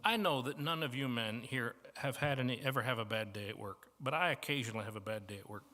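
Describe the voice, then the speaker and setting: A man with a Midwestern American accent preaching a sermon as guest preacher, telling stories and moving between soft asides and emphatic points. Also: medium pitch, fast talker. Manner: storytelling with shifts from soft to emphatic. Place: church banquet hall. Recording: reverberant banquet hall.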